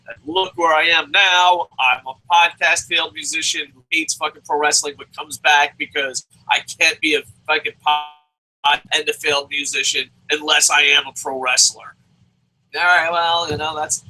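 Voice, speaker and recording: A young man giving a sarcastic, profanity-filled wrestling review, breaking into shouted mock voices. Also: fairly high pitch, rough recording. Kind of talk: profane comedic rant.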